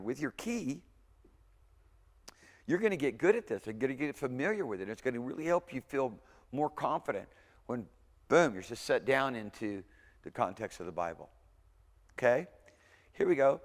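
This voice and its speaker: A male Hebrew instructor with a mid-pitched voice gives a recorded university lecture in an echoing hall. His talk is relaxed and conversational, full of frequent okays, and he drills pronunciation by repeating words slowly.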